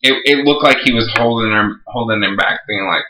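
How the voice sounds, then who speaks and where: A man's voice: mid-range voice, brisk, background noise. A man chatting casually, telling rambling, gushing stories full of "like". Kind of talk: casual chat, storytelling. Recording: echoey room.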